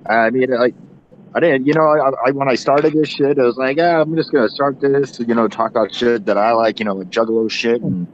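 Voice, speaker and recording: A relaxed man guesting on a podcast, talking casually and restarting his sentences now and then. His voice sits at a middle pitch. The sound is dull and lo-fi, with faint noise behind it. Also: fairly quick. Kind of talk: casual chat.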